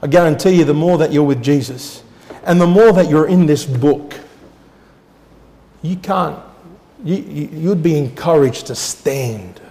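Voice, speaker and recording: A male pastor preaching a sermon with emphatic swings between loud declarations and quiet asides, often putting rhetorical questions to the congregation. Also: unhurried, in a large hall. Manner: emphatic, rising to loud declarations then dropping low.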